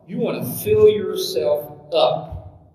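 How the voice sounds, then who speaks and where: High-voiced preacher in an echoing hall. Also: male voice, takes it slowly, darkish tone. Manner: emphatic, rhetorical questions, cites scripture. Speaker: pastor. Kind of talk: sermon. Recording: echoey hall from far off.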